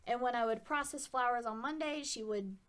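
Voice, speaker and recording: A woman's voice: fairly high pitch, brisk, a bit bright, clean tone. A woman telling a story in a casual, rambling way, with wry asides about herself. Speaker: vlogger.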